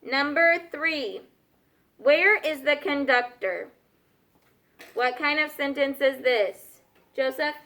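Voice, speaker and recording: A woman teacher's high-pitched voice sounds pushed and bright, slow with long pauses, as she leads a classroom grammar review. She's patient and often checks in with "okay?" and "right?"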